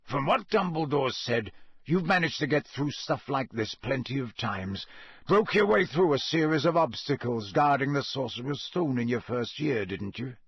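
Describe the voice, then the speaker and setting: A man voicing a gruff, grizzled old male wizard in an audiobook, slow and growling with a husky voice. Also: mid-range voice, animated, dry recording. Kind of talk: audiobook character voice.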